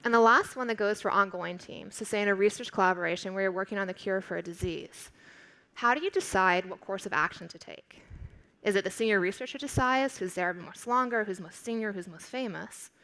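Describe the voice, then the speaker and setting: A woman professor delivers a keynote from a conference stage, her mid-pitched voice carrying a gravelly edge of fry. She speaks in a clear, instructive and emphatic way. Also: a little fast, sharp tone, low-quality recording.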